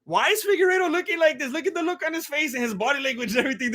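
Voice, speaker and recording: A man hosting a live fight watch-along, firing excited, incredulous questions at his chat. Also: very high-pitched. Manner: talks to the chat with rapid questions. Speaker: livestream host reacting to fights.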